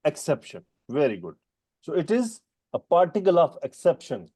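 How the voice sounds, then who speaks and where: His voice is fairly high, very animated, dark in tone and slightly rough. This male teacher, a non-native English speaker, quizzes students by name in a Quran grammar lesson and takes the terminology slowly.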